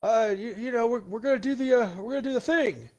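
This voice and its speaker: A muddled elderly male politician, put on by a man, stumbles and trails off mid-phrase. The voice sits far higher than the performer's own and sounds distant. It halts constantly, losing the thread. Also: darkish tone. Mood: bumbling. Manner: halting, stumbling over words.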